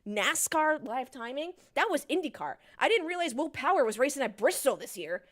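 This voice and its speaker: A woman in her thirties hosting a motorsport podcast and live stream, ranting in a casual, profane, animated way. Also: sits high, moderate pace. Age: 30s.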